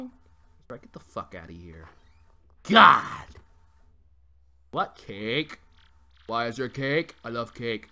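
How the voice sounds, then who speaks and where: A man with a mid-range, sing-song voice speaks slowly with frequent pauses, his tone bright and forceful. He's a let's play gamer doing blind playthrough commentary on a game he's never played, crude and joking, swearing a lot and trash-talking, mock-taunting enemies in bursts. Faint game music plays behind him.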